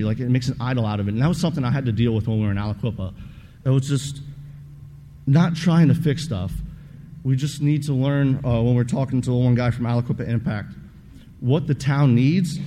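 A young man shares his story in an easygoing, rambling way, full of fillers but earnest. His voice is mellow and relaxed. It rings with a long reverb over a faint hiss, as if spoken in a big hall. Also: medium pitch. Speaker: mission trip participant giving testimony. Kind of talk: personal testimony talk. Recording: long reverb of a large room, faint noise.

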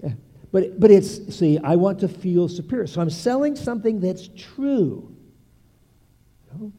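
An older man preaches with animated energy, swinging his voice up and down as he drives each point home. His tone is dark and mellow, with a slightly husky edge. He breaks into playful asides between the points. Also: high voice, a little slow. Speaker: pastor. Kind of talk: sermon.

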